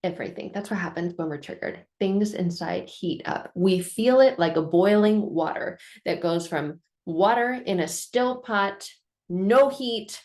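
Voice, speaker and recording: Middle-aged woman, lowish voice, earnest storyteller who repeats phrases for emphasis. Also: a little slow, a little mellow. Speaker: vlogger telling a life lesson. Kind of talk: reflective personal storytelling.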